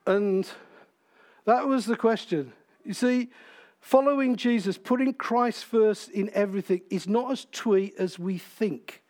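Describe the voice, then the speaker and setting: A man's voice: high voice, unhurried, a little mellow. A man preaching a sermon in church, in a conversational way, asking the congregation questions.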